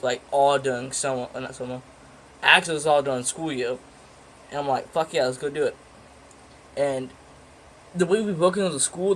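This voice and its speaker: Teen dude rambling through a story, cussing a lot, normal mid pitch, bit of faint background hiss. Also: male voice, poor audio. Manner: rambling, profane, with many fillers and restarts. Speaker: vlogger. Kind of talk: casual storytelling.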